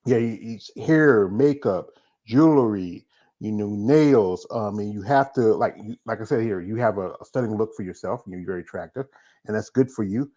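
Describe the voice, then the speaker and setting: A man's voice: fairly low pitch, moderate pace, dark tone. A man in his forties from North Carolina, hosting a casual interview, rambling and repeating words as he talks. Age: 40s. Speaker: interview host. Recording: dull lo-fi sound.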